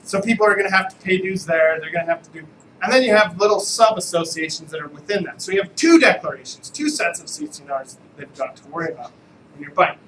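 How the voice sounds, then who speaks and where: Joking attorney training agents. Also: male voice, sits high, expressive, quick pace, a bit bright, slight background noise, low-quality recording. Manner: casual, joking, asks the room questions. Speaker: real estate attorney giving agent training. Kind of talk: live training talk.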